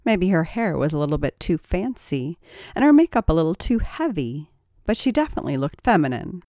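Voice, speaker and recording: A woman narrates scripted fiction in a lowish voice with a lot of movement in her pitch. She reads expressively and takes on each character herself. The recording is dry, with no room sound. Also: sing-song, brisk, dark tone, no echo.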